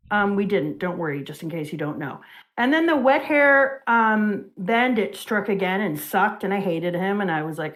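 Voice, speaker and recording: A woman co-hosting a livestream, recapping a comic in an animated, giggly way. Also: mid-range voice, moderate pace, poor audio. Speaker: co-host. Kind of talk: casual livestream chat and recap.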